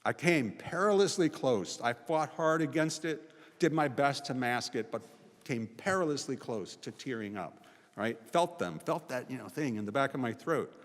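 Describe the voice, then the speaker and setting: A man in his sixties, a visiting professor, talks through personal stories in an easy conversational way. He often checks in with a quick "right?" Long reverb from the chapel hangs behind every phrase. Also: medium pitch, animated. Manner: conversational, frequent "right?" tags. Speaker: guest speaker, sociology professor. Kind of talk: personal storytelling talk. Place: college chapel.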